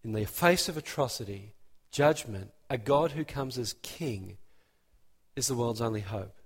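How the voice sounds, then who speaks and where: A man preaching a sermon, emphatic and animated, building his points with rising emphasis. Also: medium pitch, a little slow, gravelly, breathy edge, in a large hall.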